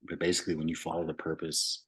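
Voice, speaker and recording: Very deep husky man. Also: completely flat delivery, quick pace, rough recording. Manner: candid, loose, swears, many fillers. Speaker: podcast guest, veteran. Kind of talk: casual storytelling.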